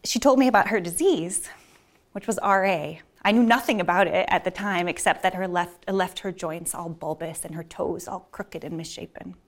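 A woman's voice: fairly low pitch, moderate pace. A woman physician telling a personal story on stage, casual and chatty, with many fillers and frequent laughs.

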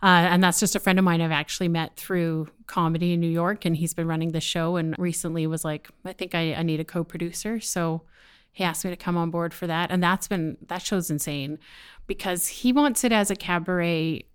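A woman, a stand-up comedian chatting in an interview in an animated, jokey way. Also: on the low side, fairly quick, clear, resonant tone. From Canada. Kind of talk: casual interview storytelling.

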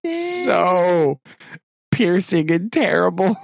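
Animated, laughing man in casual movie chat. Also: sits high, takes it slowly, vocal fry, background noise. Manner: animated, laughs often, exaggerated complaints. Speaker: podcast co-host.

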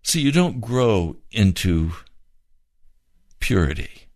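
A man preaching a sermon, fervent and pleading, with slow drawn-out emphasis. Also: fairly low pitch, very animated, darkish tone, dry recording.

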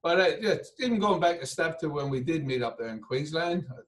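Animated and fairly quick, a man with a fairly high-pitched voice is recorded from a distance in rough audio. The Northern Irish business owner, speaking in his Northern Irish accent, keeps the casual interview jokey and chatty, laughing a lot.

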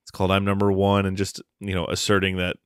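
A man's voice: low voice, monotone, fast talker, fairly bright tone, smooth, no echo, clean studio sound. A man co-hosting a casual movie podcast, recapping a film's plot in a loose, joking way. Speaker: podcast co-host.

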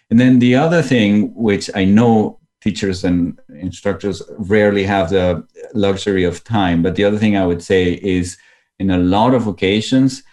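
A man's voice: deep voice, darkish tone. A man interviewed as an educator, explaining in a thoughtful way and sometimes restarting his sentences. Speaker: guest educator. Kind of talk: conversational interview.

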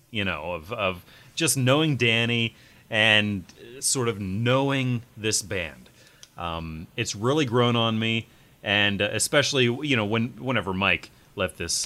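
A man's voice: fairly low pitch, bright, forceful tone. A man hosting a podcast, talking in a rambling casual way with many fillers. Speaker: podcast host. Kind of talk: casual chat.

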